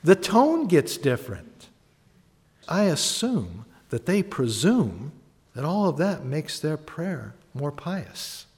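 Pastor preaching in a reverberant hall. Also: male voice, fairly high pitch, sing-song, slow, darkish tone. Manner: conversational, questions the audience, acts out prayers. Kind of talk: sermon.

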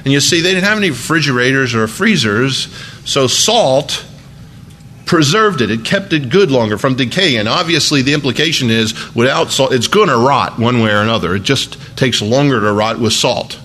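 A man's voice: mid-range voice, animated, normal speed, pushed and bright, slight background noise. A man preaching a sermon as a pastor, in a conversational, folksy way with emphatic asides.

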